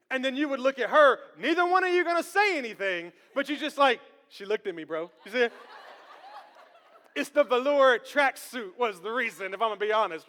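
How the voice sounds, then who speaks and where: A man in his thirties preaching a sermon as pastor, animated and joking with the congregation. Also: very high-pitched. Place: church sanctuary. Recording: long church hall reverb.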